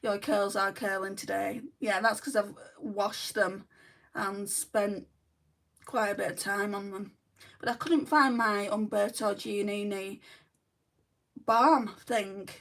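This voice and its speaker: Lancashire woman, chatty beauty streamer, gravelly fry in the voice, mic set a little far off. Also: medium pitch, steady tone, takes it slowly, a bit bright. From Lancashire, England. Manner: rambling, candid, frequent ums and asides. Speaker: beauty vlogger. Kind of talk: chatty livestream makeup talk, reading viewer comments.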